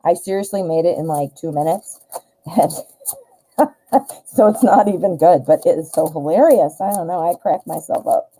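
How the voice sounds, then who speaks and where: A woman's voice: fairly low pitch, moderate pace, dark tone, slightly rough, rough recording. A middle-aged woman giving casual tarot readings on a live stream, chatty and talking straight to her viewers, often laughing at her own jokes.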